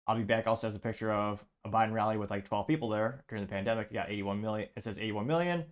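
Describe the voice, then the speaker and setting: A man's voice: fairly low pitch, racing. A man hosting a show, casually reading online comments aloud and adding dry asides. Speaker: show host.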